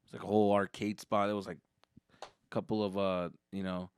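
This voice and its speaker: A young man telling a comic story as a podcast host, profane and animated, jumping into voices. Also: on the low side, fairly quick, clear, resonant tone.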